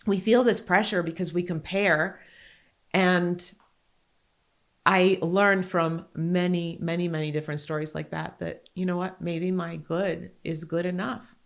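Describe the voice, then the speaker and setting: Low-voiced woman telling stories animatedly. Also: a little slow, creaky. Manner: animated, grows excited then softens. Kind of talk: casual conversational storytelling.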